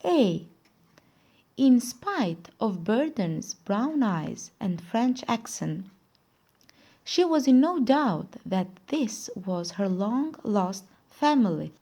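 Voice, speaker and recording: A woman's voice: a little high, sing-song, warm tone. A woman teacher, not a native English speaker, walking students through a reading exercise, asking questions and then giving the answers herself. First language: Albanian. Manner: slow, careful explaining, asks and answers her own questions. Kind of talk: recorded classroom lesson.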